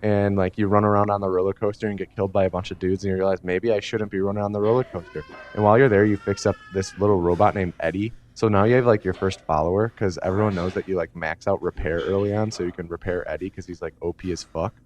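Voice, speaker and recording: With a low, steady, slightly mellow voice, a man races through a funny, meandering recap of a video game he remembers, barely pausing. Fillers and casual swearing run throughout.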